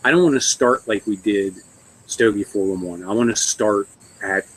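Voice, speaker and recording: Easygoing male co-host, low voice, rambling chat, faint hiss. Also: moderate pace, a bit bright, poor audio. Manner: easygoing, laughs often, rambling. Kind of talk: casual chat. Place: remote video call.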